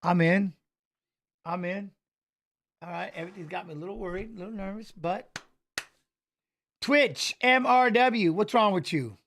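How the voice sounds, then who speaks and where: A man's voice: high voice, normal speed, pauses often, fairly bright tone, a little hiss or hum. A man hosting a fight watch-along stream, greeting chat viewers by name in a loose, joking way and dropping into mumbled asides. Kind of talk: casual live-stream chat.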